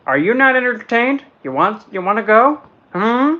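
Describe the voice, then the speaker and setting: A man's voice: extremely high pitch, big pitch swings, normal speed, highs cut off, voice pushed up. A man voicing a brash female card figure itching for a fight, taunting and theatrical.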